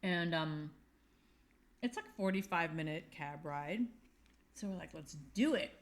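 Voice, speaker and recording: A woman in her fifties co-hosting a podcast, telling a travel story in a casual, animated way and acting out the voices of the people in it. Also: on the low side, a little slow. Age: 50s. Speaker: podcast co-host. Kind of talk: casual chat.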